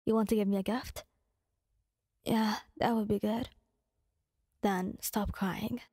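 A woman voicing a calm, caring teenage boy hero in whispered role-play, soft and gently coaxing. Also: medium pitch, slow, husky, dry recording, studio quality. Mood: gentle.

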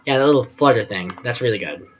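A man's voice: mid-range voice, animated, quick pace, muffled recording, a little hiss or hum. A man giving casual gameplay commentary as host of his channel, rambling and self-deprecating, often trailing off with fillers.

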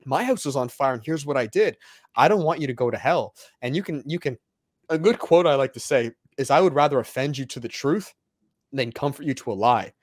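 A man's voice: medium pitch, expressive, fairly quick, dry recording, studio quality. A young man, an evangelist and guest, talking bluntly and emphatically, as if preaching. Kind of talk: casual interview talk.

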